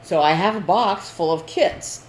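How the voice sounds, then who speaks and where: A woman's voice: on the low side, a little slow. A woman co-hosting a casual crafting chat, talking in a rambling way with many fillers. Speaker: co-host. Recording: echoey room with faint noise.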